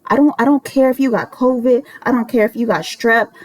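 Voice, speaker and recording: A woman's voice: a little high, fairly even intonation, fairly quick, poor audio. A woman in her twenties telling a roommate story in a casual, rambling way, exasperated and swearing freely. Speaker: vlogger.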